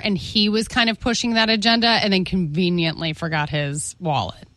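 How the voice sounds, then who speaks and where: A woman's voice: lowish voice, fairly even intonation, moderate pace, a bit bright, dry recording. Frank woman co-hosting radio. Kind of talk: casual radio chat.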